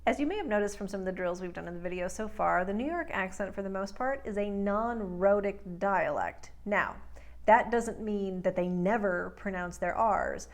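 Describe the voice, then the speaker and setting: A woman speech coach teaching accent sounds, giving clear explanations and slowly modeling drill words. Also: mid-range voice. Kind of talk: accent lesson.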